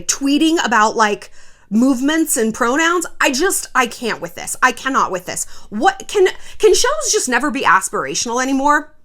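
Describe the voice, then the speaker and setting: A woman's voice: a little high, a bit bright. A woman in her thirties, a vlogger ranting about pop culture in a sassy, profane way, putting on mocking voices for quotes. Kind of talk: casual pop-culture rant.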